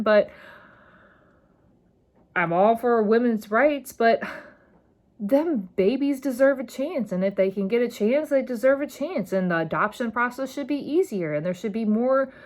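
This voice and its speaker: A woman in her thirties hosting a solo podcast, talking straight to her listeners. She rambles and gets fired up, hitting words hard when she cares about them. Her voice sits at an ordinary middle pitch. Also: moderate pace. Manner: impassioned, rambling, emphatic. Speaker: podcast host. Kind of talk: casual solo podcast monologue.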